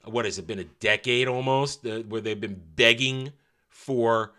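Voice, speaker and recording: A man's voice: medium pitch, unhurried, sharp tone. A man giving a casual, opinionated show review in a sarcastic, scornful way, with mocking asides.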